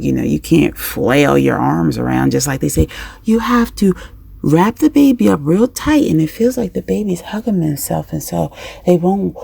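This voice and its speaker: A woman vlogger giving casual parenting advice in a lively, chatty way, acting out little scenes and pep-talk tips. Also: on the low side, gravelly, husky, no echo.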